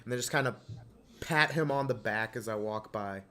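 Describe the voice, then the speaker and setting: A man's voice: on the low side, moderate pace, sharp tone. A man playing a tabletop game, asking plain practical questions of the game master. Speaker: player. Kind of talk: tabletop role-play.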